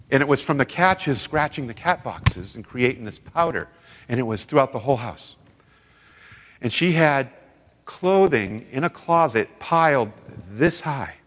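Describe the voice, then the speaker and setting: A man's voice: medium pitch, fairly bright tone. A middle-aged man, a former youth pastor, tells heartfelt stories at a men's seminar and acts out other people's lines. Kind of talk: storytelling sermon. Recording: long reverb of a large hall.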